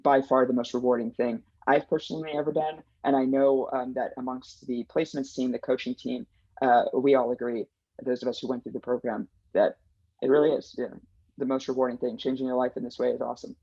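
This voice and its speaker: Husky-voiced man in a casual interview. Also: medium pitch, level tone, fairly quick, mellow, dry recording. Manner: earnest, enthusiastic, many fillers and restarts. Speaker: placements team manager. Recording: dull dry lo-fi sound.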